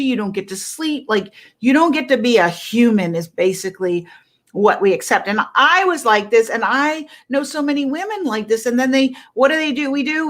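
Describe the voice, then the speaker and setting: A woman's voice: on the high side, fairly bright tone. A middle-aged woman health coach talking to viewers on a live stream, emphatic and persuasive, often tagging her points with "right?".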